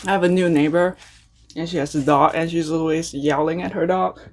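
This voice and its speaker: A woman hosting a mukbang, chatting casually between bites with relaxed, unhurried murmurs of enjoyment. She talks from her home apartment. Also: deep voice. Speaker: mukbang host. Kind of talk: casual ASMR eating chat.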